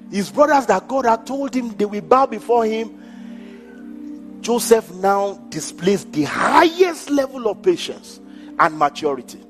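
A man delivers a sermon with a high, lively voice that leaps up and down as he acts out the people in his stories. He laughs between his points. The hall rings with a long reverb, and faint music sits underneath. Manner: animated preaching, acting out quoted people, laughing between points. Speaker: pastor. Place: church hall.

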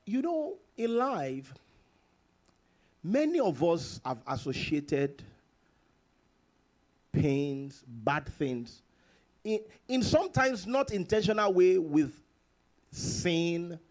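A man preaching a sermon with a high voice that leaps all over the place. He reads scripture slowly and emphatically, then swings from loud exclamations to hushed, drawn-out lines, as a pastor does in church. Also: very animated. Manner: slow, emphatic scripture reading.

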